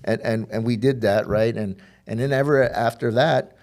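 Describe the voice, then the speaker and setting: A man's voice: mid-range voice, fairly even intonation, normal speed, darkish tone. A man sharing his recovery story as a podcast guest, talking candidly with many fillers and restarts, and acting out the dialogue as he tells it. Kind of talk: heartfelt personal storytelling.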